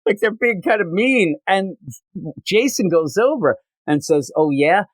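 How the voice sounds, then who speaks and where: Animated man retelling comic scenes. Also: high voice, measured pace, no echo. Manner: animated retelling, acting out character lines. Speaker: podcast co-host. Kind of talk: casual comic book review chat.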